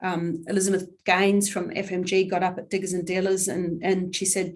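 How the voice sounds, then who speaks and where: Middle-aged woman, slightly low voice; candid, earnest guest speaker who pauses to think. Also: flat delivery. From New Zealand. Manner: earnest, candid, thoughtful, pauses often with ums. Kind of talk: earnest talk on workplace equality.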